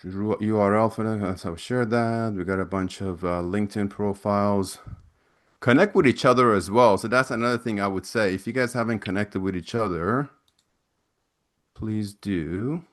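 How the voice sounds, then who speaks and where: A man's voice: fairly low pitch, moderate pace. A man, an ex-recruiter, hosting a webinar Q&A over a video call and reading audience questions aloud, loose and chatty with many restarts. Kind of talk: casual Q&A from chat.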